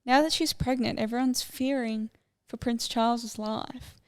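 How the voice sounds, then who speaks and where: A young woman co-hosts a podcast in a loose, chatty way, drifting from one topic to another. Her voice sits a little high and carries a steady gravelly fry. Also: unhurried. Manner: chatty, rambling, easily sidetracked. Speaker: podcast co-host. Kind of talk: casual chat.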